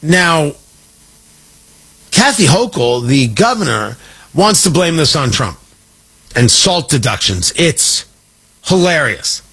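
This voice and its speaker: A man's voice: a little high, very animated, slow, pauses often, sharp tone, breathy edge. A man hosting a political talk radio show, delivering a sarcastic, riffing monologue and slipping into mock voices. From Midwest.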